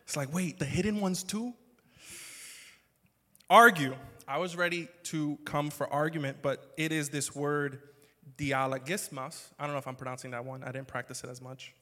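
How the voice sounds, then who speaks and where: Animated pastor preaching in a reverberant hall. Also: male voice, mid-range voice, normal speed. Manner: conversational, joking, swings to loud emphatic bursts. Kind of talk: sermon.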